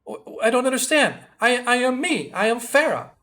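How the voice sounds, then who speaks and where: A man's voice: very high-pitched, sing-song, fairly quick, pushed and bright, exaggerated voice. A man voicing a trapped woman who claims to be Fey and pleads desperately to be freed. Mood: pleading.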